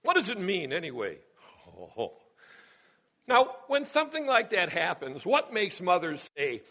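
High, animated male preacher. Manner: emphatic, with dramatic pauses and hushed storytelling. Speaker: Christian speaker. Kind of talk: sermon.

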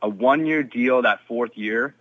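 A man's voice: mid-range voice, unhurried, no room sound, lo-fi sound. A former pro hockey player in his thirties, telling his story in an interview with many fillers and restarts.

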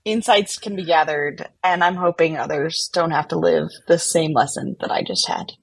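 A woman telling a personal story in a casual, animated way, often saying "like". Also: deep voice, moderate pace, vocal fry, breathy edge, dry recording, low-quality recording. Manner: animated, chatty, many fillers like "like". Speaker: podcast guest telling a story.

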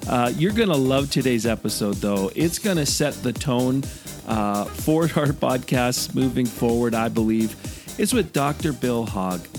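A Canadian man hosting a podcast interview, upbeat and friendly, laughing easily. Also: mid-range voice. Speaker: podcast host.

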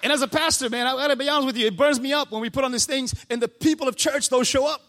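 A man pastor delivering a passionate sermon to his church, building to shouts. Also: extremely high pitch, racing. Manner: passionate, preaching with rising shouts.

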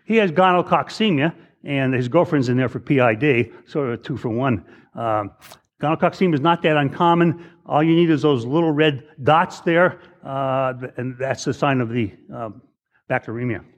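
A man's voice: medium pitch, normal speed, muffled recording. Rambling male doctor giving a lecture. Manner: conversational, repeats words, acts out patients in raised voice. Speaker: emergency physician lecturing. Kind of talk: case-based medical lecture with anecdotes.

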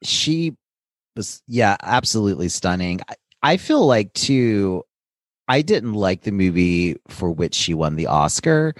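A man's voice: on the low side, big pitch swings, measured pace, no echo. A man co-hosting a podcast in casual chat, chatty and enthusiastic, laughing often as he tells stories. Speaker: podcast co-host.

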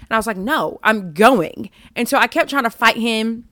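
A woman's voice: a little high, fairly even intonation, fast talker, bright, forceful tone, dry recording, clean studio sound. A young woman hosting a casual faith podcast, rambling and self-mocking as she chats with listeners. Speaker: podcast host.

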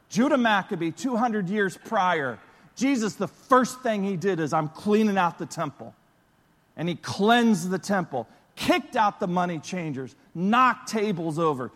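A man preaching a sermon as pastor, telling stories in an animated, lively way. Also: high voice. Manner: storytelling, animated, excitable bursts. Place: church auditorium. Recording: long reverb of a large hall.

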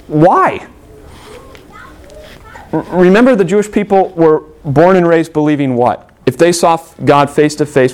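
A man's voice: on the high side, lively intonation, moderate pace, darkish tone. A man preaching a sermon earnestly, stressing points with rhetorical questions. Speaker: pastor.

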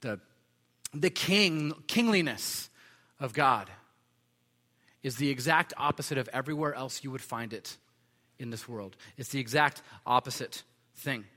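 A man's voice: mid-range voice, lively intonation, a little slow, long pauses, sharp tone, long reverb tail. A man preaching a sermon in a conversational way, with frequent fillers and restarts.

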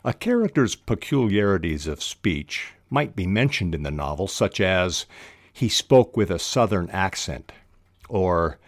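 An older man talks through writing techniques in a deep, low voice. He is unhurried and restarts his sentences now and then, with an occasional filler. The sound is close and dry, with no room around it. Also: dry recording. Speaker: podcast host teaching fiction writing. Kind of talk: instructional talk on writing.

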